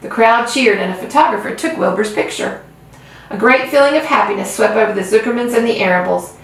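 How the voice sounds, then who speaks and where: A woman's voice: on the high side, a little fast. Woman reading a storybook in an echoey room. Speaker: reader. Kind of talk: reading a children's book aloud. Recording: roomy, far from mic.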